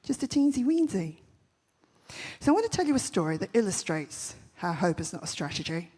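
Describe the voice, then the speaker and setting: A woman giving a comic keynote talk on stage, telling punchy stories with quick, brash jokes. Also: mid-range voice, very animated, warm tone, slightly rough. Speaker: festival speaker. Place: large event stage.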